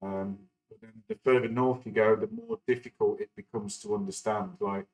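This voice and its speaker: A man's voice: fairly low pitch, wildly swooping pitch, normal speed, vocal fry, darkish tone, low-quality recording. A middle-aged man from England, chatting casually on a live stream and rambling with many fillers and restarts. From northern England. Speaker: stock market livestream host.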